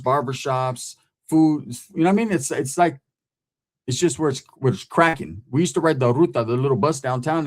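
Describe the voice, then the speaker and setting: A man tells a story from his past in loose street slang, his voice sitting at an ordinary middle pitch. He talks like a host chatting to his audience and keeps checking in with a quick "right?". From California. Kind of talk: casual storytelling.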